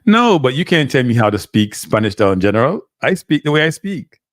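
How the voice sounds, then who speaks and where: A man's voice: medium pitch, big pitch swings, a little fast, dry recording, studio quality. A man with a Jamaican accent hosting a live stream, talking casually and switching between standard English and patois. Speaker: live show host.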